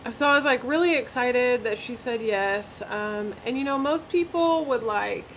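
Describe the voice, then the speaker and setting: Chatty woman vlogger, slightly high voice. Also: normal speed, highs cut off, a little hiss or hum. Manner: chatty, filler-heavy, candid and blunt with swearing. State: emotional, near tears. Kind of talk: casual storytime while doing makeup.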